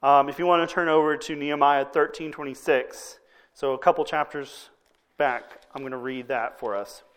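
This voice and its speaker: A man preaches to his congregation in an easygoing, talky manner, often pausing to ask "okay?" before moving on. His voice sits a little higher than most men's. He sounds like a pastor speaking to his own church. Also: steady tone, fairly bright tone, clear, resonant tone. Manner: conversational preaching with frequent "okay?" check-ins. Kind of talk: sermon.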